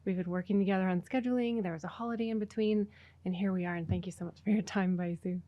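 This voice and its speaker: A woman's voice: mid-range voice, fairly even intonation, fast, no echo, lo-fi sound. A woman hosting a podcast, chatting casually with her guest and using plenty of fillers. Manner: warm, chatty, many fillers. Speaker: podcast host. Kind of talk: casual interview.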